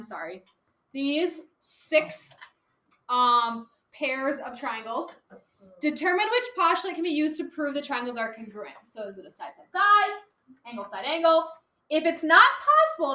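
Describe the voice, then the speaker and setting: A woman teaching a geometry lesson to a class, upbeat and quick to laugh with her students. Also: sits high, bright, forceful tone. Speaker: math teacher. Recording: echoey classroom, faint noise.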